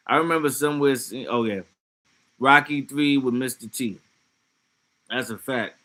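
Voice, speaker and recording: Man, livestreamer, casual chat, profane and loose, laughing asides, bright edgy tone. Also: medium pitch.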